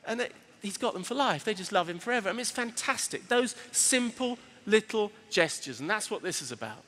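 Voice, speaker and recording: A man giving a lively seminar talk to an audience, animated and acting out the voices he quotes. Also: sits high, a little fast, in a large hall. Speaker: retail speaker.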